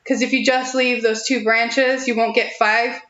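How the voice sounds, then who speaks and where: A young woman with a fairly high voice gives a chatty, reassuring tarot reading on a live stream, laughing lightly between thoughts. Her voice carries a roomy echo and sounds a little muffled, as if it comes from a built-in mic. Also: flat delivery, a little slow, a bit bright. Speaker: tarot reader.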